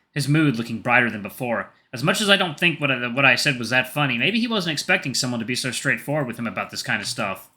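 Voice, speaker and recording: A man's voice: mid-range voice, bright, forceful tone. A man narrating a visual novel in the first person, reading plainly with small slips and restarts.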